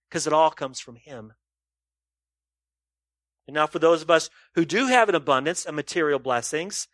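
A man preaching a sermon in a somewhat high voice, the sound close and dry. He presses his listeners with rhetorical questions and swings between loud emphasis and soft, low asides. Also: dry recording. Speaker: pastor.

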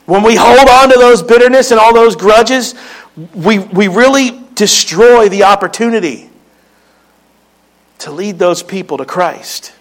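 A man's voice: sits high, measured pace, low-quality recording. A man preaching a sermon, telling stories in a joking, conversational way. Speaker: pastor.

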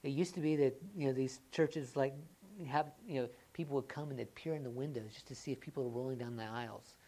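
A woman with a notably low voice preaches to a church congregation. She asks her listeners question after question, sometimes raising her voice with excitement and sometimes dropping to a quiet, earnest tone. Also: quick pace. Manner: swings from loud excited rhetorical questions to quiet earnest talk. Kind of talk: sermon.

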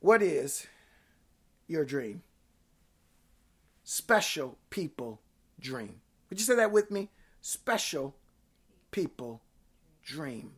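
A woman preaching a sermon, repeating phrases in a rhythmic build, rising to shouts and then dropping to hushed tones. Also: deep voice, big pitch swings, very slow, long pauses, slightly rough.

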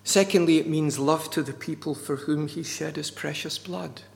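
Male preacher, gravelly, emphatic sermon delivery, recorded with long hall reverb. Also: fairly high pitch, steady tone, moderate pace. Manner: earnest, emphatic, repeats key words.

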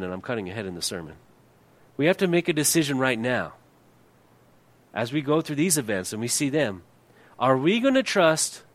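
A middle-aged man preaches at an ordinary pitch, firing rhetorical questions at his listeners. He lets his voice sink low and quiet when he presses a point, then lifts it again to ask the next question. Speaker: pastor. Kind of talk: sermon.

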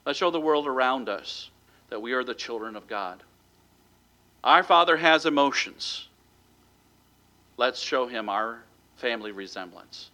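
A man's voice: medium pitch, expressive, unhurried, pauses often, sharp tone. A man giving a sermon as pastor, telling a story in a conversational way and chuckling lightly now and then.

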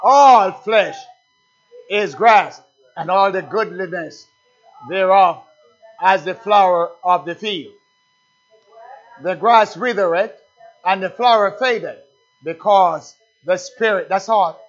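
A man with a high voice preaches a sermon, calling to the congregation and surging into loud, emphatic peaks before dropping back. The recording sounds dull and lo-fi.

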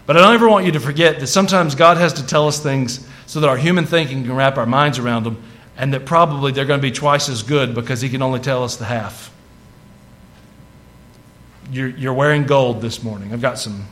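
A man's voice: mid-range voice, brisk, fairly bright tone. A man preaching a sermon to his congregation, talking casually and building to fervent emphasis on scripture. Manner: conversational, rising to fervent emphasis. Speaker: pastor.

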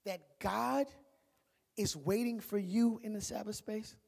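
A male pastor delivers a lively sermon in casual, playful speech. He swings between soft, hushed asides and loud, excited bursts. His voice rings with the long reverb of a large hall. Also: sits high, takes it slowly, vocal fry, slightly rough. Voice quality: animated, sweeping from loud shouts to hushed asides, playful colloquial preaching.

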